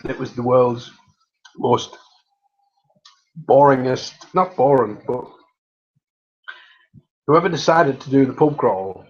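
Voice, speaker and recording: A man's voice: medium pitch, slow, long pauses, a little mellow, highs cut off. A man chatting casually and jokily on a livestream, rambling and laughing often. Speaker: livestream host.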